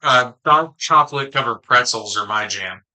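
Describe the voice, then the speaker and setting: A man's voice: medium pitch, normal speed, sharp tone, rough recording. A man co-hosting a podcast in casual, laid-back, jokey chat. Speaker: podcast co-host.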